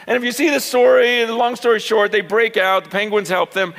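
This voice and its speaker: A high-pitched, gravelly male preacher telling a story in a sermon. His voice rings with a long hall reverb. He starts out chatty and rises to loud shouting. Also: steady tone, a little fast.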